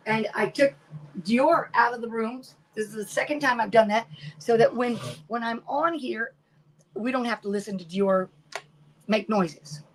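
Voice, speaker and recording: A woman's voice: fairly high pitch, a little slow, slight background noise, low-quality recording. An older woman chatting casually while crafting on a livestream at home, rambling and greeting viewers by name.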